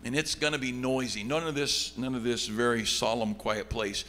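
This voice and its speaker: A middle-aged pastor teaching a Bible study, reading scripture aloud and swinging from loud excitement to quiet asides. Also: male voice, medium pitch, moderate pace. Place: church sanctuary. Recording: long hall reverb, faint background hum.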